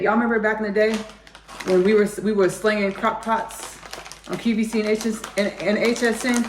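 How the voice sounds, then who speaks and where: Casual home-cooking host: woman, gravelly fry, chatty and rambling, recorded on a counter camera in an echoey kitchen. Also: mid-range voice, steady tone, moderate pace, recorded from a distance, a little hiss or hum. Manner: chatty and rambling, often says "y'all" to viewers. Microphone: camera set up on the counter. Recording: echoey kitchen, faint clicks.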